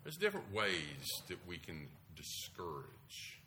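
A man's voice: low-pitched, huge pitch swings, slow pace, sharp tone, slight background noise. A male pastor giving a conversational sermon to a congregation in a church, often asking them questions. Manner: conversational, asks the audience questions.

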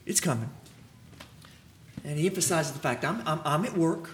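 A man preaching a sermon, acting out dialogue from scripture, with lively swings and some stammering restarts. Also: a little high, moderate pace, a little hiss or hum. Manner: animated, acts out biblical dialogue, restarts and stammers.

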